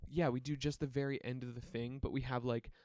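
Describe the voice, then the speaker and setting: Man, podcast co-host, animated storyteller, laughs a lot, dry close sound. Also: fairly quick, no echo. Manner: animated, laughing, acts out quotes with big pitch jumps. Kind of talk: casual chat, storytelling.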